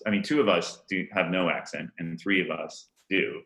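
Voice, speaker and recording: A middle-aged man from Rhode Island with no regional accent, telling stories with an animated, laughing manner as an interview guest. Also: sits low, moderate pace, vocal fry, roomy sound, rough recording. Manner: animated storytelling with frequent laughs. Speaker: event planner guest. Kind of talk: casual interview chat.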